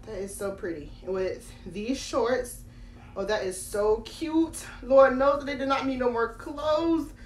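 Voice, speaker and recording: A teenage girl from Florida excitedly unboxing on her phone, talking straight to her viewers. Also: a little high, slow pace, faint music behind. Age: late teens. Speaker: doll collector vlogger. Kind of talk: casual unboxing vlog. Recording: echoey room, faint background noise.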